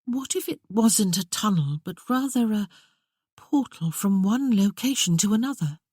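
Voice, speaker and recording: A woman's voice: mid-range voice, animated, measured pace, a little mellow, slightly rough, dry recording, clean studio sound, voice pushed up. A woman voicing a spirited, curious young Regency lady who talks in a playful, wondering way.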